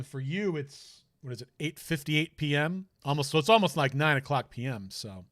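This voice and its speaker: Man, game streamer, bright tense voice, dry close sound, rambling jokey chat. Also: on the high side, dry recording. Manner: chatty, rambling, jokey asides. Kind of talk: casual let's-play commentary.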